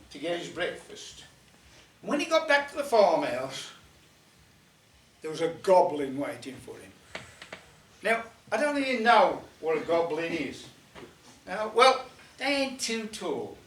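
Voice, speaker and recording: A man's voice: sits high, fairly bright tone, a little hiss or hum. An older man telling a funny story to a folk club audience in a chatty, joking way, with dialect turns of phrase. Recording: echoey room, mic at a distance.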